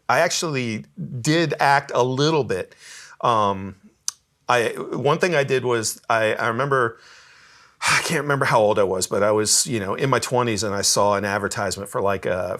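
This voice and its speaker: A man's voice: medium pitch, moderate pace, a bit bright. A man telling stories in a casual interview, easygoing, laughing often and repeating words as he starts sentences. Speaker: guest musician.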